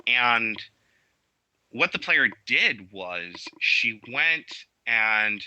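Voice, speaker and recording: Male guest, casual chat, enthusiastic, halting delivery full of restarts; tense, bright tone. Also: medium pitch, lively intonation, smooth, dry recording, muffled recording. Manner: halting, many restarts and fillers; enthusiastic storytelling. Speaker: podcast guest. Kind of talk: casual interview talk.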